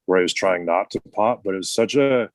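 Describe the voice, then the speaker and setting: A man's voice: deep voice, a little fast, no echo. A man, a former wrestler, telling casual stories as a podcast guest, full of "like" and restarts. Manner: rambling, heavy use of "like".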